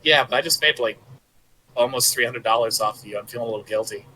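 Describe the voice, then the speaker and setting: A man voicing a blunt young woman who speaks haltingly and hesitantly. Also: mid-range voice, sharp tone, a little hiss or hum, pitched below the performer's own voice, lightly acted, low-quality recording. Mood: awkward. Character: blunt young woman vendor, awkward apology.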